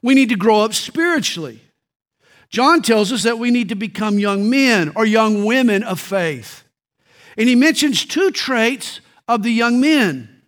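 Male pastor, high voice, middle-aged, storytelling sermon delivery with emphatic slowdowns. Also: animated, a bit bright.

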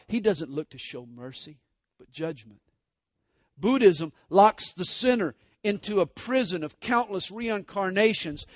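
High-voiced man preaching a sermon. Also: dry recording. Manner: preaching with big swings between loud and hushed.

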